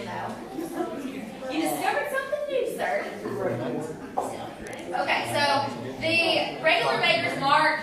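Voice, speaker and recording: Upbeat woman guiding a tasting group. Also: sits high. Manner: upbeat and instructive, quizzes the group. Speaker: distillery tour guide. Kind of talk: guided tasting presentation. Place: distillery tasting room with a tour group. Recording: echoey room, distant mic, group chatter.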